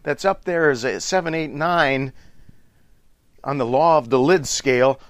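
A man's voice: mid-range voice, unhurried, no echo. A middle-aged man giving an earnest, instructive talk on relationships, coaching his listeners. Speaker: relationship speaker.

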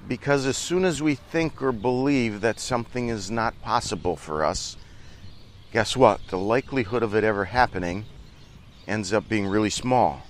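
Low-voiced earnest motivational speaker. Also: male voice, normal speed, slight background noise. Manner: earnest, enthusiastic, repeats himself. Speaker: dairy farmer and leadership coach. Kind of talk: motivational podcast talk. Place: harbor.

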